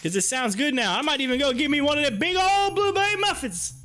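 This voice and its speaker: A man hosting a live stock-market stream, chatting excitably with his viewers and reading their comments aloud. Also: extremely high pitch, fast talker, faint music behind.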